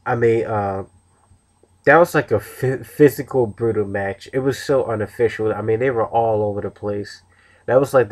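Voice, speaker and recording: A man giving a casual, rambling review of a wrestling show, with many restarts and fillers. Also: lowish voice.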